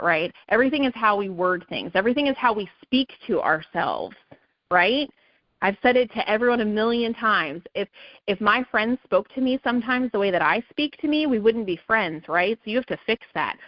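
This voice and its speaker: A woman's voice: mid-range voice, no room sound, muffled recording. A woman leading a sales team call, giving an emphatic motivational talk that keeps coming back to okay and right. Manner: emphatic, repetitive, pep-talk, says okay and right a lot.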